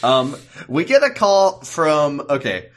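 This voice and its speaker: A man's voice: fairly high pitch, takes it slowly. A man co-hosting a podcast, chatting casually about a TV episode and joking as he goes. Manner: joking, animated, drops into mock voices. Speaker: podcast co-host. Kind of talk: casual chat recapping a TV episode.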